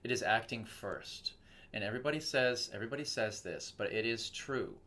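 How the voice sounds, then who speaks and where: A young Texan voice actor, guesting on an interview, talks casually at a medium pitch and a fairly quick clip. He tells stories with animation, performing the quoted voices himself.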